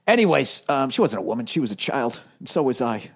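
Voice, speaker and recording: A man's voice: mid-range voice, big pitch swings, a little fast, breathy edge. A man in his forties from the United States, a comedian hosting his podcast, telling a rambling, profane, self-deprecating story in casual talk. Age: 40s.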